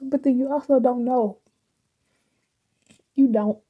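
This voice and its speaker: A woman's voice: high voice, fairly even intonation, slow, phone-quality sound. A woman chatting casually and reflectively as a vlogger while driving, laughing often. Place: in a car.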